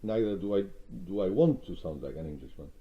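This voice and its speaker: A Gibraltarian man with a very low voice speaks in a measured, proud way, pausing on fillers. The recording sounds dull and muffled. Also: expressive. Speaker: interviewee. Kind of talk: reflective interview talk.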